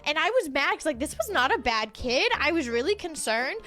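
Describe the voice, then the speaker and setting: Woman, teacher, casual storytelling, acts out quotes, high voice, faint music behind. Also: big pitch swings, a little fast, pushed and bright.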